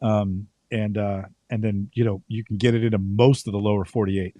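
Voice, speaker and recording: A man's voice: fairly low pitch, level tone, normal speed, mellow, no echo. A man co-hosting a live car auction stream, presenting cars casually in an easygoing, amused way. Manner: easygoing, amused, chuckles while reading car specs.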